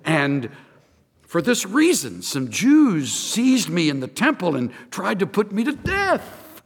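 Brief: male preacher as a fervent, earnest apostle, lively up-and-down delivery, long hall reverb. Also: sits high, takes it slowly, vocal fry, breathy edge, exaggerated voice. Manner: earnest, repeats words in bursts as if overcome. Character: the apostle Paul, a fervent man defending himself before a king. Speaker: pastor. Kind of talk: first-person dramatized preaching.

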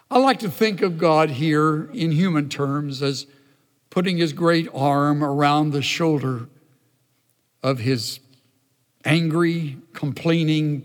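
A male preacher giving an emphatic sermon that tells the story as he goes. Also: fairly high pitch. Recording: long hall reverb.

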